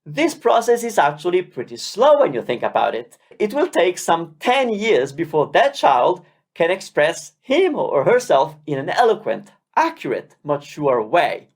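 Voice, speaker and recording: A language teacher giving a beginner lesson, drilling syllables slowly and encouraging learners. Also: medium pitch, wildly swooping pitch.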